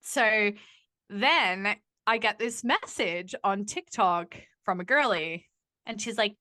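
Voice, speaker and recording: A woman's voice: medium pitch, extremely slow, pauses often, no echo. Profane, storytelling young woman. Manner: profane, animated storytelling with quoted voices. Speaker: guest. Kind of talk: candid casual chat.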